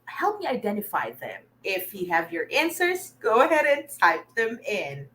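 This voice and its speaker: Teaching remedial reading online, this young Filipina keeps things upbeat, praising her students and replying to their comments. She speaks at a moderate pace in a medium, slightly bright voice with huge pitch swings, captured in low quality.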